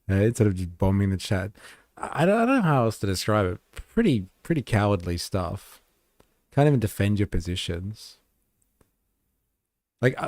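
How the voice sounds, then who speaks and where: A sarcastic man reacting on a live stream, mocking what he hears and swearing casually. His voice sits low and mellow. The sound is close and dry. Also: dry recording.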